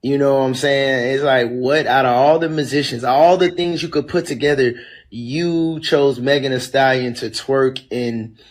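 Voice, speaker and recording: A man's voice: mid-range voice, normal speed, low-quality recording. A man talking casually and dismissively in a commentary clip.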